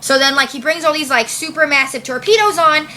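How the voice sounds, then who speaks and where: A woman's voice: high-pitched, brisk, sharp tone, slight background noise. A woman recapping a movie in a casual, slangy vlog, full of "like" and swearing. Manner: chatty, slangy, heavy use of "like", swears. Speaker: vlogger.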